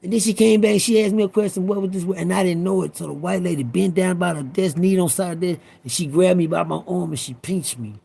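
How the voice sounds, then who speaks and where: Man in his fifties, personal storytelling, profane and rambling, husky voice, high pitch. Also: fast talker, hardly any pauses, dark tone. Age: 50s. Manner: profane, rambling, talks straight to listeners.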